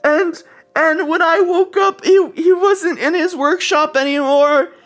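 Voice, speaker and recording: A woman's voice: takes it slowly, gravelly, full character voice. A game master voicing Mrs. Claus as a shaky, tearful older woman who makes an announcement and breaks down crying. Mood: sobbing, panicked. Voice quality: shaky, high, wailing.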